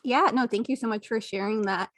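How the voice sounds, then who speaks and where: Higher-voiced woman podcast host, dry sound. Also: a little fast, fairly bright tone, dry recording. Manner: affirming, reflective, thinks aloud. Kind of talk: casual interview conversation.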